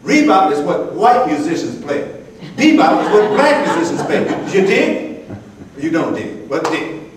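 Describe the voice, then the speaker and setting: A man's voice: sits high, animated, moderate pace, a little hiss or hum. A man voicing an eager, slang-talking bebop lover who preaches about jazz and scats its rhythms, in live storytelling. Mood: preaching. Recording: echoey room, distant mic.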